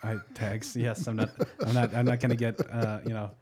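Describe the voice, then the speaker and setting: A man's voice: mid-range voice, flat delivery, brisk, darkish tone, slight background noise. A man hosting a casual podcast chat with friends, rambling and often trailing off and restarting. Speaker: podcast host.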